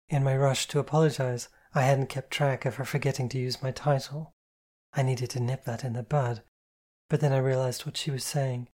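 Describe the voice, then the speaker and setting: An audiobook narrator reads a novel chapter in first person. The delivery is measured and expressive, in a voice of middling pitch.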